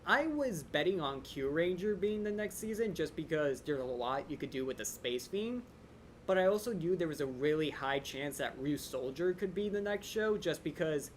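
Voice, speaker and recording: A young man hosting a live Q&A stream, rambling quickly and eagerly with lots of fillers, his voice a little drained. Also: on the high side, slight background noise. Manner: fast, excited fan rambling with many "like" fillers. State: voice a bit drained. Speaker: channel host answering viewer questions.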